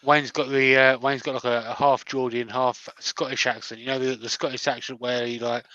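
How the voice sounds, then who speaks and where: A man's voice: mid-range voice, level tone, brisk, hardly any pauses, bright, forceful tone, dry recording, dull audio. A man co-hosting a casual live stream, teasing his friend and reading out viewer comments. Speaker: co-host reading chat.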